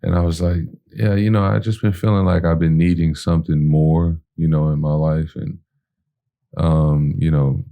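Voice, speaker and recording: A man's voice: rumbling low, moderate pace, gravelly. A man from telling a personal story in a casual way, acting out the lines of the people in it and using lots of fillers. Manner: animated storyteller who acts out his own and others' lines with fillers.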